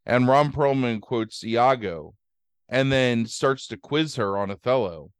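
A man's voice: mid-range voice, animated, measured pace, clear, resonant tone, no echo, clean studio sound. A man hosting a podcast, casually recapping a movie plot with lots of fillers and easy swearing. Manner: rambling, fillers, swears freely. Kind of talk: casual chat.

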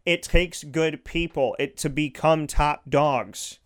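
A man's voice: fairly high pitch, fairly even intonation, slow pace. A man giving an earnest, heartfelt motivational monologue, repeating his points for emphasis.

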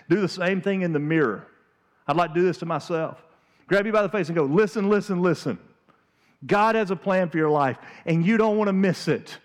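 A man preaching a sermon in a church, emphatic, swinging from hushed to loud and pleading. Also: mid-range voice. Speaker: pastor. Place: church sanctuary.

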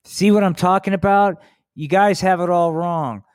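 A man voicing a preachy stoner messiah in a comedic puppet show, loud and sermonizing with a drawn-out drawl. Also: high voice, steady tone, clean tone, no room sound, studio quality, pitched above the performer's own voice, natural voice. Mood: scolding.

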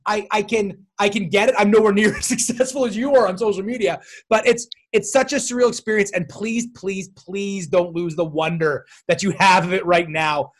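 A man's voice: high-pitched, moderate pace, hardly any pauses. A man hosting a casual interview podcast, telling stories with animation and frequent laughter. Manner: animated storyteller, laughs often. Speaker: podcast host.

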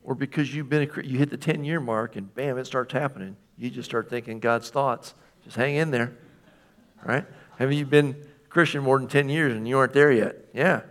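A male pastor delivering a sermon in a relaxed, conversational way. He keeps asking the congregation questions and checking that they follow, with a mid-range voice. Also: medium pitch.

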